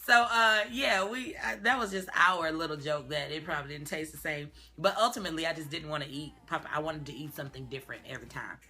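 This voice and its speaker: Bright-voiced Southern woman vlogging. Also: low-pitched, quick pace, few pauses. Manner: chatty, animated, drawls y'all and child. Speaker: actress and singer vlogger. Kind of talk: casual talk to camera.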